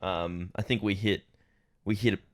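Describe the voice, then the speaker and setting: A man co-hosting a comedy podcast, teasing his partner in quick banter. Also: lowish voice, fairly even intonation. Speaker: podcast co-host. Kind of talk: casual comedy chat.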